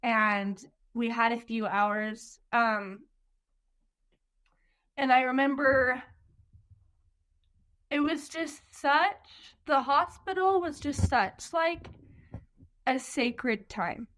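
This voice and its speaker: A young woman with a somewhat high voice tells her story in an interview, taking her time. She speaks earnestly, fills gaps with "like", and slips into other people's words as she retells scenes. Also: very slow, pauses often, a bit bright. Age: young adult. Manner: earnest, retells scenes by quoting what others said, many "like" fillers. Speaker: interview guest, birth mother.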